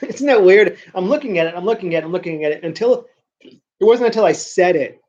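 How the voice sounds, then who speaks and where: A man's voice: high-pitched, animated, brisk, darkish tone, dull audio. A man talking casually to camera in a rambling vlog monologue, often restarting and repeating words. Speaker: vlogger.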